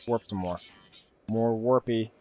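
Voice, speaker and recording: Low-voiced young man chatting on a game stream. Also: measured pace, a little hiss or hum. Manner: rambling, swears freely, chats with viewers. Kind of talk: casual live-stream chat. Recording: dull lo-fi stream audio with faint music.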